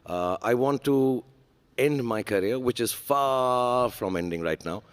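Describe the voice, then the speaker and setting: A man's voice: medium pitch, expressive, measured pace, clear, resonant tone. A man, a guest speaking candidly on a large conference stage, earnest and self-deprecating with frequent fillers. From India.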